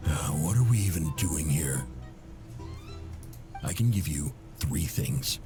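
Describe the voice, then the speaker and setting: An actor playing a gruff, stern man with no patience, talking curtly. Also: rumbling low, expressive, takes it slowly, exaggerated voice. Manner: curt, businesslike. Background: game music.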